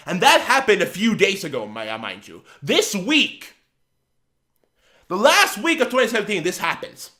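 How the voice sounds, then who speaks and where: A man's voice: high voice, sing-song, normal speed, bright, forceful tone. A man on his channel ranting heatedly, swearing and repeating himself as he vents. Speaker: channel host. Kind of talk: angry vlog rant.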